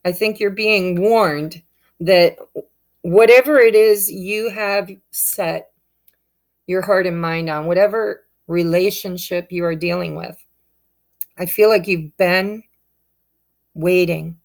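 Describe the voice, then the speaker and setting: Upbeat woman with a gravelly edge. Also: lowish voice, steady tone, slow pace, long pauses. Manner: upbeat, encouraging, talks directly to viewers. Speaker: tarot reader. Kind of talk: casual tarot reading to camera.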